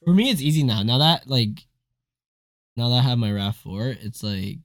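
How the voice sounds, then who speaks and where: A young man co-hosting a casual podcast chat, telling stories in an animated way, full of fillers and swearing freely. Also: medium pitch, normal speed, no echo, studio quality. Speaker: co-host.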